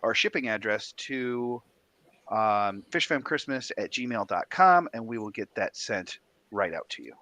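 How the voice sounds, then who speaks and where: A man's voice: on the low side, lively intonation, unhurried, bright, forceful tone. A man chatting cheerfully as a guest on a live stream, playful and upbeat. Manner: upbeat, playful, hums and sings silly sound effects. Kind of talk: casual live stream chat.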